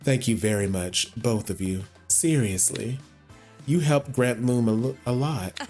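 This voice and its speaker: A man's voice: mid-range voice, a little slow, darkish tone. A man streaming a story game, reading the characters' lines aloud with short asides of his own. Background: faint game music.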